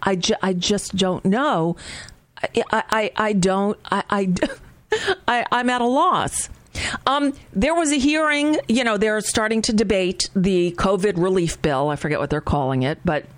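A woman hosting casual political commentary, sarcastic and halting, with many restarts as she reacts to clips. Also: lowish voice, dry recording.

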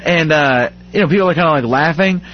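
A man with a slightly high voice tells stories in casual podcast chat, animated and joking, popping into quick impressions. The sound is a little dull and lo-fi. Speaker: podcast guest. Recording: muffled lo-fi podcast audio.

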